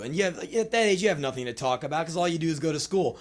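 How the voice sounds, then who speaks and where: A man in his twenties performs spoken word storytelling in a small venue. His voice sits a little high and swings through a lively range as he acts out scenes in put-on voices. The live recording carries faint noise. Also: a crowd in the background. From United States. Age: 20s. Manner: animated, acts out his younger self in quick voices.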